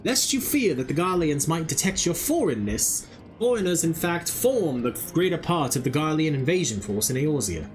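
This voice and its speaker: A man voicing a smooth, courtly male merchant with formal old-fashioned phrasing. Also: a little high, sing-song, normal speed, faint music behind.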